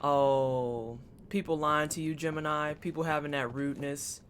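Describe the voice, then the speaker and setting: A man's voice: fairly high pitch, fairly even intonation, moderate pace, fairly bright tone. A man streaming a game, chatting casually with his chat and reacting aloud as he plays. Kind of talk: casual gameplay commentary. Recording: clear background noise.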